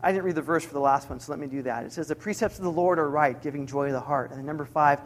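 A middle-aged man preaching a sermon, earnest, slowing down to repeat each key point for emphasis. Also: on the high side, a little hiss or hum. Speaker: pastor.

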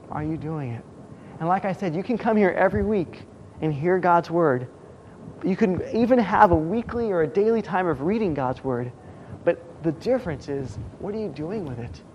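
Male pastor, high voice, conversational sermon delivery, faint noise behind. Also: expressive, moderate pace, a little mellow, muffled recording. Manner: conversational preaching, acts out quoted voices.

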